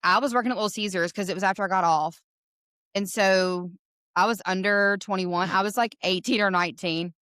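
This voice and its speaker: Bright woman telling a story. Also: medium pitch, a little fast, smooth, no room sound, studio quality. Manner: animated storyteller, laughs often, acts out quoted voices. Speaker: podcast co-host. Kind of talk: casual storytelling chat.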